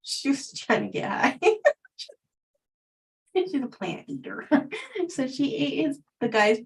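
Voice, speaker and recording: A woman's voice: a little high, animated, takes it slowly, gravelly, long pauses, rough recording. A middle-aged woman chats through a personal story on a livestream, in an easy, conversational way. She laughs often between sentences and speaks as a spiritual teacher sharing with her viewers.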